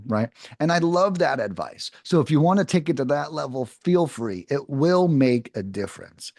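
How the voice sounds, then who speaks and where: A man coaching sales callers in a relaxed, chatty lesson, his pitch swinging up and down as he acts out lines. The sound is dry and close, with no room around it. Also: no echo. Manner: animated, talks to viewers as guys, acts out sample phone lines. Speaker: cold calling sales trainer. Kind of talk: casual coaching lesson to camera.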